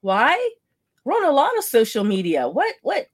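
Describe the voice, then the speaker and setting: A woman co-hosting a podcast in casual chat, animated and laughing often. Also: sits high, moderate pace, slightly rough. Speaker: podcast co-host.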